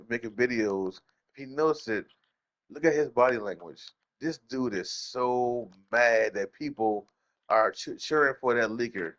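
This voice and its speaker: A young man hosting a gaming channel, ranting in casual slang, repeating himself and jumping up in pitch when incredulous. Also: fairly bright tone.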